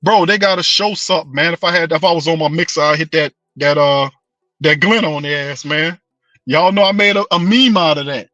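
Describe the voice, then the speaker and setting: Fired-up New man ranting, bright voice. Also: on the high side, fairly quick, no room sound, lo-fi sound. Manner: passionate, repetitive, slangy, addresses listeners as fam and bro. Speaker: sports show host. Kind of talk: fired-up sports fan rant.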